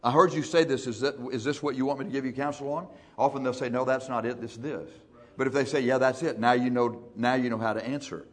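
A male pastor preaching in a church, folksy and emphatic, speeding up and slowing down for effect. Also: medium pitch, steady tone. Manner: folksy, emphatic, shifting between fast and slow. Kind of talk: sermon.

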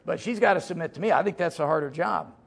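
A middle-aged pastor preaches a sermon fast, with vocal fry in his voice. He's folksy and joking, moving from loud emphasis to low asides.

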